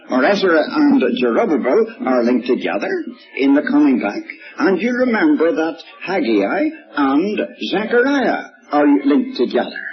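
A man gives a Bible teaching sermon in a somewhat high voice. His pitch leaps and falls lively as he stresses each point, and the sound is dull and lo-fi like an old tape. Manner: emphatic, rises sharply on key words. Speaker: preacher.

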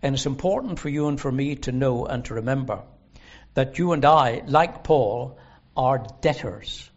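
Preacher in a dull recording. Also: male voice, medium pitch. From Northern Ireland. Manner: earnest, emphatic, slows and stresses scripture quotes. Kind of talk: sermon. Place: gospel hall at a conference.

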